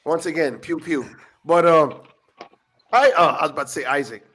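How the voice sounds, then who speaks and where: A man hosting a podcast in casual, profane chat, laughing a lot, his voice still getting over hoarseness. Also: on the high side, moderate pace, a bit bright. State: voice recovering from hoarseness. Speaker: podcast host.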